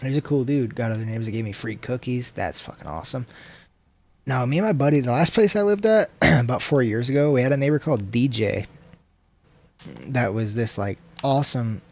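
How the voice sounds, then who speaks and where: A man's voice: fairly quick, a little mellow. A man from the United States streaming a video game, talking in a casual, profane, rambling way and sometimes dropping to a murmur. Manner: slips into low murmurs and whispers. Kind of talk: casual livestream chat while gaming.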